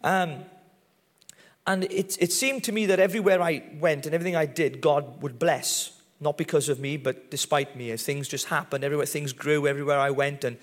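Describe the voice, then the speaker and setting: A man's voice: fairly high pitch, fairly even intonation, a little fast. A Welsh man in his thirties, telling his testimony as a preacher in a chatty, self-deprecating way with touches of humour. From Wales. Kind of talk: sermon testimony. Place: large church hall. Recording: long hall reverb.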